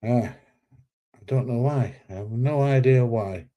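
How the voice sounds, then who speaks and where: Chatty man, mellow voice. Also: medium pitch, measured pace. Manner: chatty, reads viewer comments aloud, loose and rambling. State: recovering from illness, slightly short of breath. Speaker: livestream host. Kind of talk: casual livestream chat.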